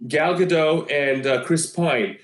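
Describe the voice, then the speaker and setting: A man co-hosting a podcast, telling an animated story in casual chat and laughing often. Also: fairly high pitch, takes it slowly. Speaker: podcast co-host. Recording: roomy echo.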